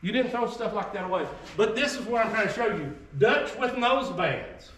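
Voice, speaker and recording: A man with a high-sitting, fairly bright voice talks fast, slight background noise behind him. He's a reenactor giving a group an informal, emphatic history talk in a folksy, conversational style with drawling asides, heard distantly in an echoey room.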